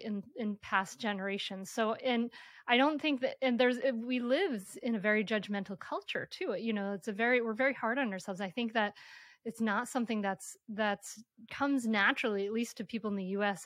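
Soft-spoken, reflective woman podcast host. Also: medium pitch, moderate pace, no echo, clean studio sound. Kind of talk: conversational interview.

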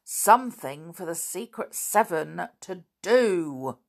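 A woman reading the part of an eager, bossy boy who leads a children's club, brisk and organising. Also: on the low side, animated, gravelly, full character voice.

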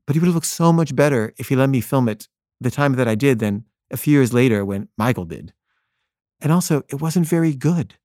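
A filmmaker recounting a personal anecdote in an earnest way, often stumbling into restarts mid-sentence. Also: male voice, mid-range voice, animated, brisk, darkish tone, no echo, studio quality. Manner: earnest, with frequent stammered restarts.

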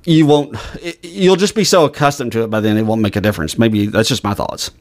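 A man with a mild Southern US accent, co-hosting a podcast in casual chat, talking fast and rambling with restarts. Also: medium pitch, a little mellow. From Southern United States. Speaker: podcast co-host.

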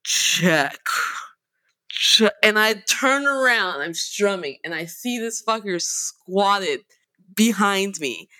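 A woman musician telling a story in casual talk, animated, emphatic and full of swearing. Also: mid-range voice, slow, no echo. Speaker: singer and guitarist.

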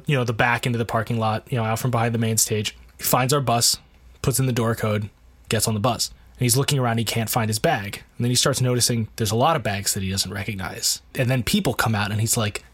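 A man's voice: mid-range voice, fairly bright tone. A man, a guitarist guest, telling road stories in casual chat, with frequent laughter and swearing. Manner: laughing, profane anecdotes. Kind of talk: casual storytelling.

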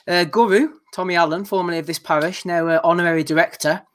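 A man's voice: on the high side, fairly even intonation, fast talker, fairly bright tone. A man hosting a boxing podcast, reading out listener messages with a dry, wry delivery. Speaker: podcast host.

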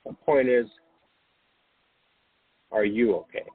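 A man hosting a late-night spiritual podcast, gently reassuring listeners and guiding them to breathe and relax. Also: mid-range voice, steady tone, slow pace, breathy edge, dry recording. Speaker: podcast host. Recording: dry, phone-like narrow sound.

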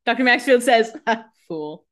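A woman's voice: fairly low pitch, animated, a little fast. A woman co-hosting a casual podcast, joking, swearing freely and acting out exasperated reactions. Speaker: podcast co-host. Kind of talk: casual chat.

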